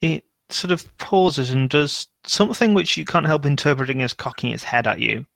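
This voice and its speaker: A man narrating a tabletop game as game master, unhurried and often searching for words. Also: a little high, gravelly, a bit bright, dry recording.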